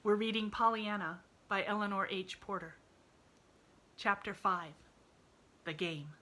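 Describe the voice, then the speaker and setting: Bright-voiced woman pastor reading a story. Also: medium pitch, measured pace. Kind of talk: storybook read-aloud narration.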